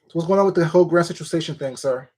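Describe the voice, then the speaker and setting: A man's voice: on the high side, very fast, darkish tone. A man hosting a casual livestream, greeting viewers one by one by name in a familiar, chatty way. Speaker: livestream host.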